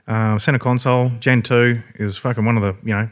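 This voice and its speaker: A man's voice: mid-range voice, fairly even intonation, fast. An Australian man telling a story in a rambling, laid-back way, swearing freely. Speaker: podcast guest. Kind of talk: casual storytelling.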